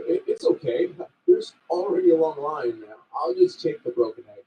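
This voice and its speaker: A man's voice: on the high side, huge pitch swings, moderate pace, mellow, a little hiss or hum. A man performing a comedic sketch in an anxious, apologetic people-pleaser voice. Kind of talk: comedic self-help sketch. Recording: dull sound from a distant mic.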